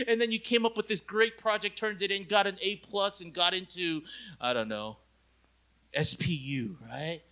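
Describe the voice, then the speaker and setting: A young male pastor with a high, ringing voice delivers an animated retreat sermon. He swings from quiet, conversational asides to loud, acted-out quotes and keeps asking his listeners questions. The tone is bright and forward. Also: a little fast. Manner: conversational, asks the audience direct questions. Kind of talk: lively youth retreat sermon.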